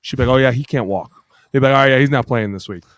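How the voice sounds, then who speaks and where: A man's voice: medium pitch, very fast, a bit bright, slight background noise. A man co-hosting a casual podcast, a rowdy, profane storyteller who acts out the dialogue in his stories. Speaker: podcast co-host, former football lineman.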